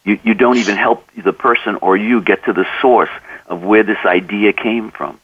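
Low-voiced man telling stories on radio. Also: fairly even intonation, moderate pace, husky, no room sound, distant mic, narrow, tinny audio. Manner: earnest, acts out dialogue in anecdotes. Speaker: author and coach, interview guest. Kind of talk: conversational interview, storytelling.

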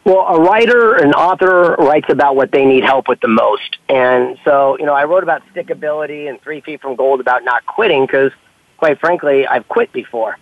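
Animated storytelling man on a tinny line. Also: a little high, moderate pace, no echo. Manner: animated, acts out dialogue in quotes. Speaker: author and podcast guest. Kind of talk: casual storytelling conversation.

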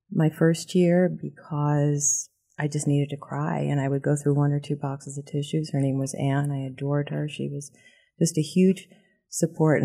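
Woman guest, gravelly low-key voice, earnest and even. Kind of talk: casual group talk.

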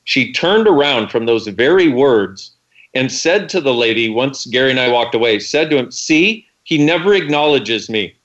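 A man's voice: mid-range voice, lively intonation, normal speed, lo-fi sound. A man co-hosting a call-in talk show, telling stories and acting out quoted lines. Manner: storytelling, acts out quotes. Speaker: co-host.

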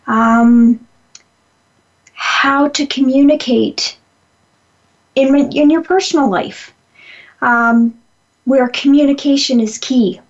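A woman's voice: high voice, muffled recording. A woman giving a conversational lesson on communication, repeating her key points with frequent ums. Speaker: communication trainer. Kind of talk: lecture-style presentation.

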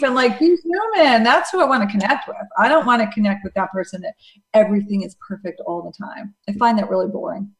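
A woman's voice: fairly high pitch, lively intonation, fairly quick. A woman chatting in an earnest, candid way. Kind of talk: casual chat. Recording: echoey room.

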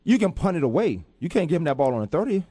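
A man's voice: fairly high pitch, big pitch swings, fast talker, mellow, husky, no echo, clean studio sound. Boastful man hosting sports radio. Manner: boastful, playful, talks over his co-host. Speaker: sports talk radio host. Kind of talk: casual sports radio banter.

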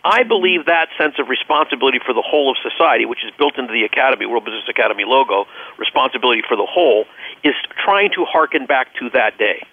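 A man's voice: mid-range voice, lively intonation, fast talker, no room sound. Earnest man on a tinny phone line. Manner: earnest, storytelling, repeats words while searching. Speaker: interview guest, business leader. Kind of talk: radio phone interview.

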